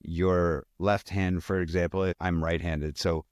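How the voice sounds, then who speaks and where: A man's voice: low-pitched, little pitch movement, unhurried, darkish tone, no echo, studio quality. A man hosting a podcast, explaining things step by step in a friendly way. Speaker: podcast host. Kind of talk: casual interview.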